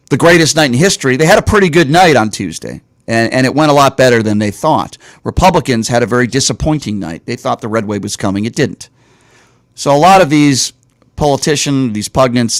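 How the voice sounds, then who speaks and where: A man's voice: mid-range voice, no room sound, clean studio sound. A man hosting a talk show, delivering political commentary in an indignant, ranting way and repeating points for emphasis.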